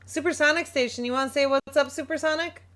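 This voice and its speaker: A high-voiced woman hosts a loose gaming podcast, teasing her guests and laughing between questions. She speaks into a home microphone over a video call. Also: steady tone, fairly bright tone, slight background noise. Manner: laughing, teasing, quick to curse. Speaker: podcast host. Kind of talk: casual group chat on a gaming podcast.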